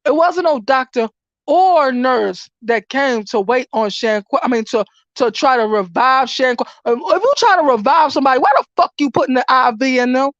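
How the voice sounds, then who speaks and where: A woman in an angry commentary vlog, ranting with profanity and swinging between loud outbursts and low muttering. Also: lively intonation, moderate pace, no room sound, muffled recording. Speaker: vlogger.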